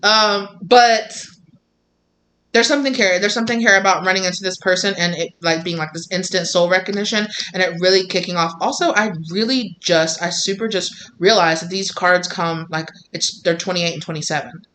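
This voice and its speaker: Bright-voiced rambling tarot reader. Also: medium pitch, fairly even intonation, moderate pace. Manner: rambling, lots of "like", acts out voices of the people in the reading. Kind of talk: intuitive tarot reading to viewers.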